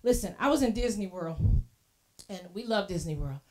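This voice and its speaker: A woman preaching a sermon in a church, telling lively casual stories and acting out what people said. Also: medium pitch, moderate pace, slight background noise. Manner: lively storytelling, acting out quoted voices; casual colloquial phrasing.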